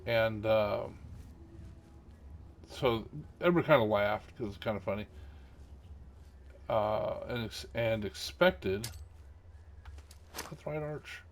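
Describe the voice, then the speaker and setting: A man's voice: fairly low pitch, slow pace, long pauses. A middle-aged man hosting a gaming channel, chatting casually over gameplay in a rambling way, with many fillers and chuckles.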